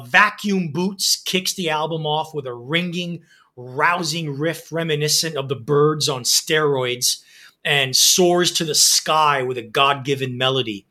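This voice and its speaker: A man's voice: fairly high pitch, sharp tone. A man co-hosting a music podcast, reading album reviews in a casual, enthusiastic way with frequent laughs.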